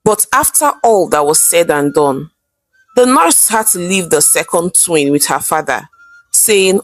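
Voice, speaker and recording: A woman's voice: lowish voice, expressive, measured pace, no room sound. A woman narrating a folktale in a dramatic storyteller manner. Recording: faint background music.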